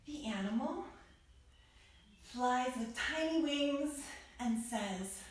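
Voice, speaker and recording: A woman reads a yoga story aloud for children at a very unhurried pace, her voice sitting a little high. She turns playful, calling out bright greetings. She stands back from the mic in a very echoey room. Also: lively intonation, slight background noise. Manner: playful, greets the listener with bright rising calls. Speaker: kids yoga teacher. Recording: roomy echo from far off.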